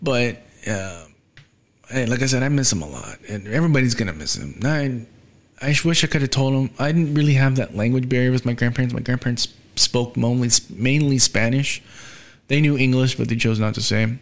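A young man hosting a podcast, talking casually and quietly, with many fillers and pauses, subdued by grief. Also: mid-range voice, lively intonation. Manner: soft, halting, with frequent fillers and trailing off. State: grieving, subdued. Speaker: podcast host. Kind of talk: casual solo podcast talk.

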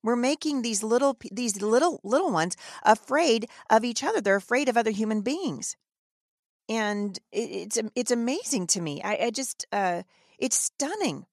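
A woman's voice: fairly high pitch, expressive, normal speed, no echo, studio quality. A woman hosting a podcast, giving emphatic, indignant opinion commentary and often restarting her sentences. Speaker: podcast host.

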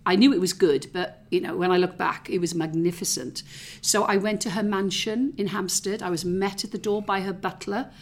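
A middle-aged Welsh woman from the South Wales valleys is the guest in a reflective, conversational interview. She reminisces chattily, often using fillers and starting over. Her mid-range voice moves at a moderate pace with fairly even intonation.

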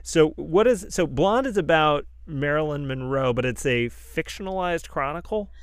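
A man hosting a podcast interview, affirming his guest easily and slowly feeling his way through questions with frequent ums. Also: a little high, expressive, clean tone, no room sound, studio quality. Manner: easygoing, affirming, with slow halting intros full of ums. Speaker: podcast host. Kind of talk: casual interview chat.

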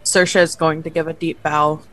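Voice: mid-range voice, flat delivery, moderate pace, fairly bright tone. A player in a tabletop game, speaking casually for their character. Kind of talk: tabletop role-play.

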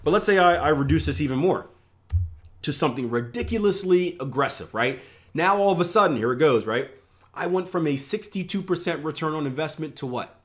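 A man's voice: fairly high pitch, big pitch swings, fairly quick, fairly bright tone. A man who is a professional trader, walking viewers through trading results in a casual, conversational lesson. He repeats words, tosses in "right?" constantly, and makes playful boastful asides. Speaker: trading instructor. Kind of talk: screen-share trading lesson.

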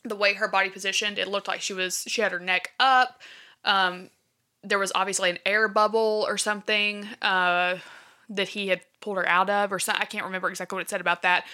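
A woman's voice: medium pitch, steady tone, a little fast, bright, forceful tone. A woman casually retelling a true-crime case from her notes, with many fillers like "um" and "like". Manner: chatty, filler-heavy, checks her notes. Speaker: podcast co-host.

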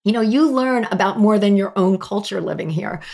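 A woman from New Jersey with a raspy voice and a New Jersey accent, hosting her podcast in an emphatic, lively way with lots of fillers. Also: mid-range voice, brisk. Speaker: podcast host. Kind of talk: scripted podcast talk.

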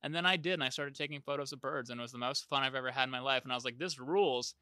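Bright-voiced young man chatting casually. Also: mid-range voice, steady tone, racing, clean tone, no room sound, clean studio sound. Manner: laid-back, rambling, laughs easily. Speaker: podcast host. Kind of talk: casual chat.

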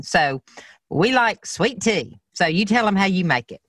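A woman's voice: medium pitch, animated, moderate pace, a bit bright, no echo, clean studio sound. A woman with a Southern American accent who hosts, asking eager, chatty questions. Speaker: host. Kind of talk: casual interview.

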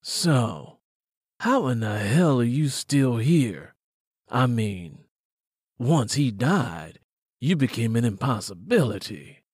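A man reading an audiobook, voicing a stern, skeptical small-town male police officer who questions slowly and bluntly. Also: mid-range voice, very animated, a little mellow, breathy edge, dry recording, studio quality, heavily acted. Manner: slow, deliberate, blunt questioning. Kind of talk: audiobook character voice.

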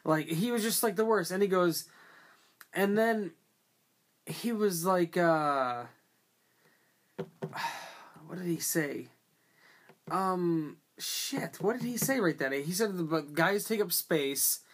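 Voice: medium pitch, slow pace, long pauses. A podcast co-host in a casual movie discussion, rambling with many fillers and restarts and swearing freely.

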